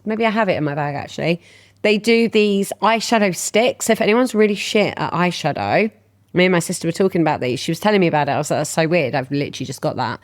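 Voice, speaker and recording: Low-voiced chatty woman podcaster. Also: animated, quick pace. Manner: chatty, enthusiastic recommending products. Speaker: podcast co-host. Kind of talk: casual chat.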